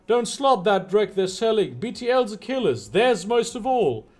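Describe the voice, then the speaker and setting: A man's voice: high voice, very animated, moderate pace, a little mellow. A man reading the lines of a worn-down grieving woman in her thirties, pleading and earnest.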